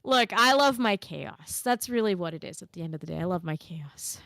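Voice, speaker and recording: A woman's voice: medium pitch, expressive, vocal fry, a bit bright, dry recording, clean studio sound. A young woman co-hosting a podcast, casually reading live chat comments aloud and laughing often. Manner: playful, laughs often, reads comments in quick bursts. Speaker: podcast co-host.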